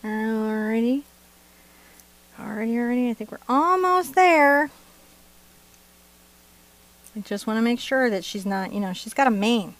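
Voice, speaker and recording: A woman's voice: on the high side, measured pace, pauses often. A middle-aged woman teaching a live painting lesson, chatty and playful, joking and laughing between her steps. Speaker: art instructor. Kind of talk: live-streamed painting tutorial.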